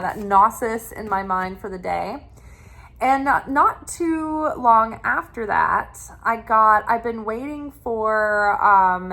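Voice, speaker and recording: A woman's voice: medium pitch, a bit bright. A woman who hosts a spiritual channel, telling a personal story in a chatty, rambling way with frequent restarts. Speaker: tarot reader and spiritual channel host.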